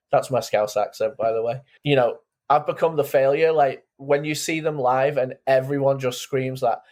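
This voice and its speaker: A man's voice: medium pitch, darkish tone. A man co-hosting a music podcast, chatting enthusiastically with many fillers. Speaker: podcast co-host. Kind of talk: casual chat.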